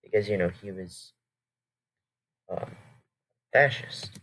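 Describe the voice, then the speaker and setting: A man with a low, slightly bright voice talks slowly as he casually comments over a history video. As a reaction video host, he's hesitant and rambling, full of fillers and constant self-corrections.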